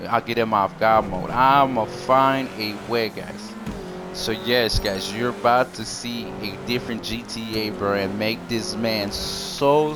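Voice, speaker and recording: A man ranting casually to his viewers in a heated, repetitive way, full of slang. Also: fairly low pitch. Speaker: gaming YouTuber. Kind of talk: casual rant to camera.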